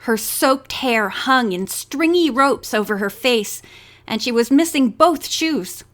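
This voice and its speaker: A woman narrating a mystery novel as an audiobook reader in a steady, measured manner. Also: fairly high pitch. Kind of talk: reading a novel aloud.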